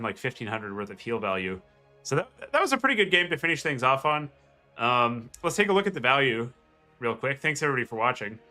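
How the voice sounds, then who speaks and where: Nasal, bright-voiced male game commentator. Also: medium pitch. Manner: rambling, many fillers and restarts. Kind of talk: casual gameplay commentary.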